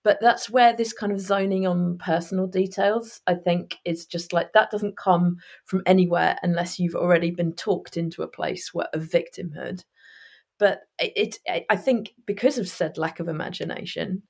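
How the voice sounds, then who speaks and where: A woman from Norfolk co-hosting a casual football podcast, speaking in a measured, wordy, wry way. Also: fairly low pitch, steady tone, a little mellow, slightly rough. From Norfolk, England. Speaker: podcast co-host.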